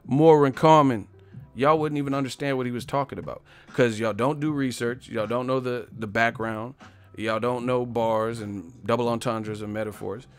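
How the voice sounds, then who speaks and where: A man's voice: mid-range voice, fairly even intonation, moderate pace, clear, resonant tone, faint music behind. Sarcastic ranting male streamer. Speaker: boxing live-stream host. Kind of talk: live-stream rant.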